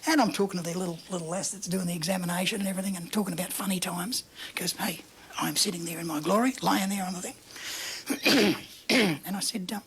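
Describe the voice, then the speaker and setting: An Australian man telling a story in a casual interview, acting out the dialogue in an animated way, his voice often breathy and half-whispered. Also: sits high, fairly quick, a little hiss or hum. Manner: animated anecdotal, acts out dialogue. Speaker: interview guest.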